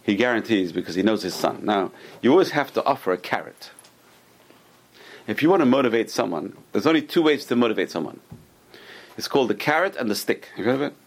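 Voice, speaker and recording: A man's voice: fairly low pitch, very animated, fast. A man teaching a religious class to a group, telling stories with restarts and acted-out quotes. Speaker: Torah teacher.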